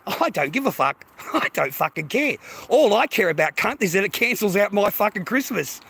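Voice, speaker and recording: Gravelly Australian man ranting, high and sharp. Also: sing-song, normal speed. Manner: aggressive, taunting, heavy swearing. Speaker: livestream host. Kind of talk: profane livestream rant.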